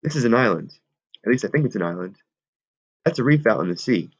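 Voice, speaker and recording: A man's voice: medium pitch, animated, fast talker, breathy edge. A man reading aloud and voicing a cool, offhand fair-haired schoolboy. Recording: dull lo-fi recording.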